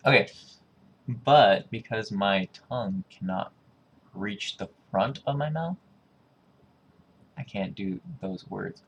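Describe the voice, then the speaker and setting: A man's voice: on the low side, slow, long pauses, muffled recording, a little hiss or hum. A man thinking aloud casually, musing and repeating words over and over to test how he pronounces them. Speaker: video creator.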